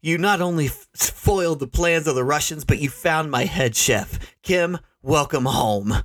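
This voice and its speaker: A triumphant movie president proclaims in a raised, slow and stately voice, as a man puts him on. He sounds like a cheesy action-film leader praising the hero, and the sound is dry. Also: fairly high pitch, expressive, a bit bright, no echo.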